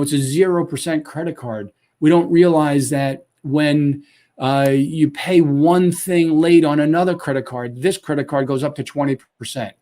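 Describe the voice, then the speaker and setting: A man with a slightly raised voice pitches his company with real enthusiasm, firing off short emphatic lists. He sounds salesy and sure of himself. The audio comes through a video call. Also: darkish tone. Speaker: company founder pitching to sellers.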